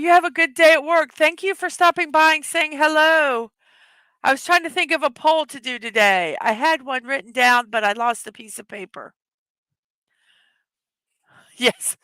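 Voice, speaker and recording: A chatty woman hosts a casual livestream, her voice bright and a little high. She rambles and restarts, laughing often, and the sound is close and dry. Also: moderate pace, no room sound. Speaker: livestream host.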